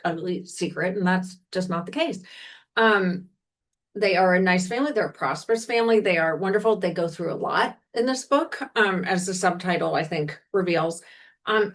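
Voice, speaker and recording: A woman from Washington, D.C., co-hosting a podcast, chatting casually about books in a rambling way with frequent self-corrections. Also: on the low side. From Washington, D.C., United States. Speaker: podcast co-host recommending books. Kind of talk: casual chat.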